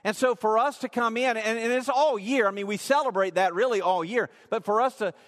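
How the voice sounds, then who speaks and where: A man's voice: high-pitched, brisk, fairly bright tone. A man preaching a sermon in a church, telling a personal story in a casual, rambling way with many fillers. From rural area. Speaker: pastor. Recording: long hall reverb.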